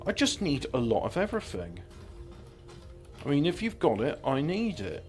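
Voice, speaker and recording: Over faint background music, a man with a slightly high, darkish voice whose pitch swoops wildly streams a game at normal speed. He mutters to himself while planning moves, rambling casually with sardonic humor.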